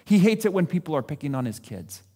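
Male pastor, high and animated voice, chatty sermon delivery with acted-out asides. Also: fast talker, husky. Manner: conversational, self-deprecating preaching with acted-out quotes.

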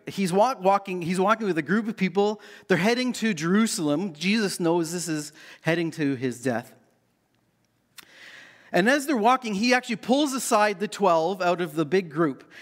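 A middle-aged man from Canada preaching a sermon as pastor, playful and self-mocking as he tells the story. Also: high-pitched.

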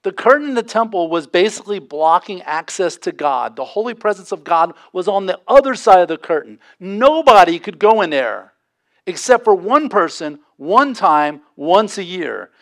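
A man preaching a sermon as pastor, impassioned, with dramatic pauses and sudden drops to a hush. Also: sits high.

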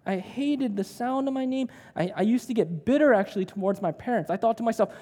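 A man's voice: high voice, quick pace, warm tone. A man preaching a sermon, telling personal stories in a conversational way and often asking "right?". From United States. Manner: conversational storytelling with frequent "right?". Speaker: pastor. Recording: long hall reverb.

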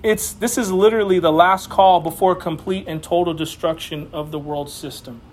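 A man's voice: high voice, fairly even intonation, normal speed. A man giving a casual sermon as a Bible teacher, passionate and slangy, often laughing as he preaches.

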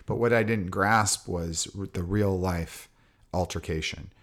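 Deep-voiced man speaking earnestly. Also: unhurried, a bit bright. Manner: earnest, reflective. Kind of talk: casual chat.

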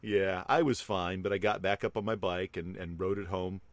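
A middle-aged man with a very low voice, chatting casually as a host. He rambles through a personal story, filling gaps with lots of ums and you-knows. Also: steady tone, moderate pace, no echo. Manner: rambling, with many fillers.

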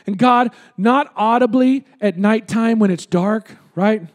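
A male pastor preaching an impassioned sermon, calling for amens and rising to shouts. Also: high voice, unhurried.

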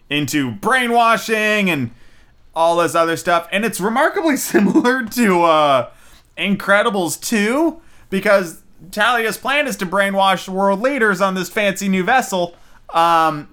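Man, young, slightly high voice, smooth, casual rambling review, lots of fillers and swearing. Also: sharp tone. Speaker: movie reviewer.

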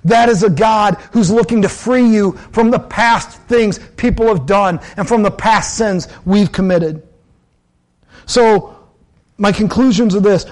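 A pastor with a fairly high male voice delivers a sermon. He talks earnestly and conversationally, weaving in personal stories and repeating key phrases for emphasis. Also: a little mellow.

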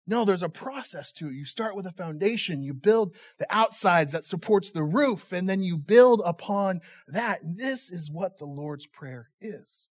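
A man's voice: high-pitched, expressive, a little slow, hardly any pauses. A male pastor giving a conversational, humorous sermon, often repeating words as he restarts.

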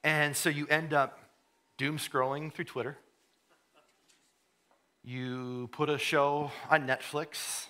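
A man preaching a sermon, conversational, repeating words as he goes, then rising to fervent emphasis and dropping to a hush. He says he has a cold. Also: on the high side, flat delivery, slow, long pauses, clean tone. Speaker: pastor.

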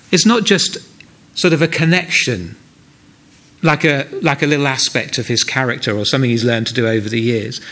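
A man's voice: on the high side, fairly bright tone. A man preaching a sermon in a church, earnest and conversational, often asking the listeners rhetorical questions.

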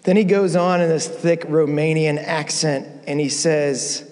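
A man's voice: fairly high pitch, steady tone, a little slow, a little mellow. A man preaching a sermon as a guest speaker, telling a story and building to emphatic peaks. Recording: long church reverb.

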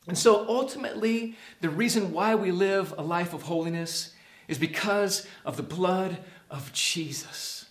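A man preaching a sermon as a pastor, earnest, dropping to a hush and rising to emphasis. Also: high-pitched, a little slow, roomy sound. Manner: earnest, swings from hushed to emphatic.

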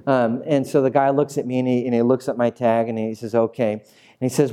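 A male pastor in middle age preaches with a mellow, relaxed tone. He tells his story in a lively way and acts out the people in it as he goes. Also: medium pitch, a little fast, clean tone. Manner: animated storyteller acting out quoted voices. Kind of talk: sermon with storytelling.

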